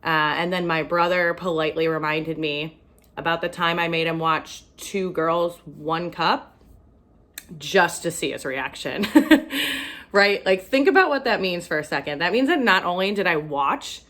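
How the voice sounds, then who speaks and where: A woman's voice: lowish voice, expressive, moderate pace, a bit bright. A young woman from Ohio performing a stand-up comedy set, self-deprecating and often laughing at her own jokes. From Ohio, USA.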